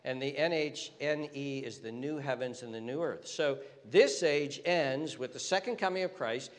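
A man preaching a sermon in earnest, with many restarts and repeated words, rising in pitch when he stresses a point. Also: moderate pace. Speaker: pastor. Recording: long hall reverb.

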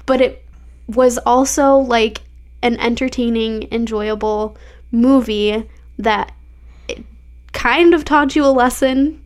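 Casual podcast co-host, woman, slightly high voice, rambling and filler-heavy. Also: slow pace, long pauses. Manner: chatty, many fillers and likes, laughs easily. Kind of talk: casual chat about a movie.

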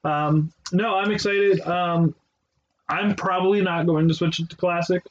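A man's voice: sits high, steady tone, unhurried. A man co-hosting a podcast, joking and teasing in casual chat. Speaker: podcast co-host. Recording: dull lo-fi audio, faint hiss.

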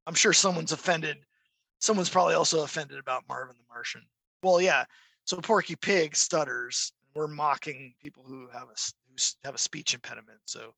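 A middle-aged man chatting on a podcast, telling a story and slipping into voices for the people he quotes. His voice is gravelly and bright, a little higher than most men's, and it sounds dry and close. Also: a little fast, no room sound, rough recording. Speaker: podcast co-host. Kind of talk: casual chat.

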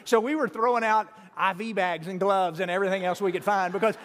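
A man delivers a sermon from the pulpit, spinning a folksy story with animated bursts and frequent restarts. His voice sits fairly high for a man. The sanctuary gives it a long, ringing reverb. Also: quick pace. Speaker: preacher. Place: church sanctuary.

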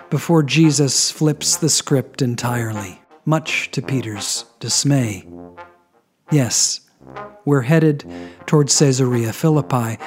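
A man giving a scripted Bible teaching, with dramatic pauses and emphatic drops in his voice. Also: mid-range voice, a little mellow.

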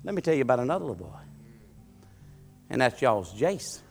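A male pastor, preaching a sermon as a storyteller whose voice climbs loud and high at the peaks. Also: very animated, fairly quick, creaky, faint music behind.

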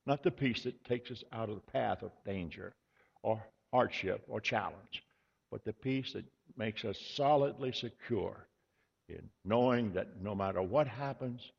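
A man preaching a sermon as pastor, earnest and measured, repeating key words for emphasis. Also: lowish voice, gravelly, husky. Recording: dull lo-fi sound with long hall reverb.

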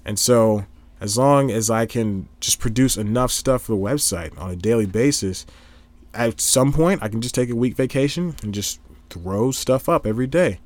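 A man's voice: mid-range voice, moderate pace, darkish tone, no echo. A young man in casual solo talk, rambling and correcting himself, recorded on a laptop microphone at home. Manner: rambling, self-correcting, chatty. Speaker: vlogger.

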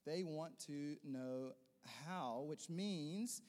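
A man preaching a sermon in a high, light voice. He pushes up into loud, emphatic bursts, then settles into quieter, gentler teaching. The sound carries the long reverb of a large hall. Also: drawn-out words. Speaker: pastor.

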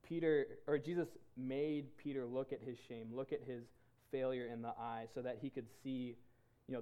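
A man leading a Bible study for men, talking in an earnest, halting way with many restarts. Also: mid-range voice, steady tone, warm tone, clear, resonant tone. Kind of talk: casual sermon to a men's group.

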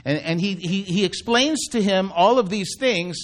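A man's voice: high-pitched, normal speed. A man preaching a sermon as a pastor, telling the story in a loose, conversational way with asides to the congregation.

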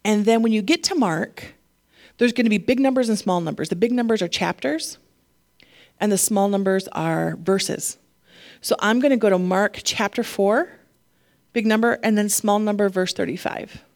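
A woman pastor preaching a sermon, animated and laughing often, getting emotional at times. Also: mid-range voice, normal speed.

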